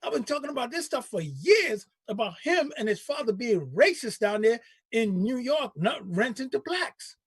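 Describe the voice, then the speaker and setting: A man hosting a talk show, arguing politics in an animated, emphatic way and repeating himself. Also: extremely high pitch, moderate pace, hardly any pauses, husky, dry recording, studio quality. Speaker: show host. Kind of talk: heated political debate.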